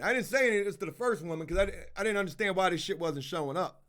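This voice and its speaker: A man's voice: sits high, racing, hardly any pauses. A man hosting a livestream, telling a rambling story in a casual, profane way and acting out both sides of the dialogue. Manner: profane, animated, acts out dialogue. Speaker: livestream host.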